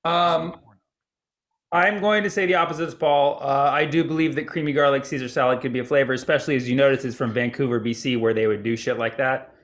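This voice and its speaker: A male comedian playing a game and joking through his answers with dry, deadpan reasoning. His voice sits at a mid pitch. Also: fast. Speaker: comedian contestant. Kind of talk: joking banter.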